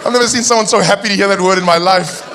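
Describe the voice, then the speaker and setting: South African stand-up comic, bit high. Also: male voice, rapid-fire, a crowd in the background, background noise. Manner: animated storytelling, acting out characters in funny voices. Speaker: stand-up comedian. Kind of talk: stand-up comedy routine. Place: comedy stage before a live audience.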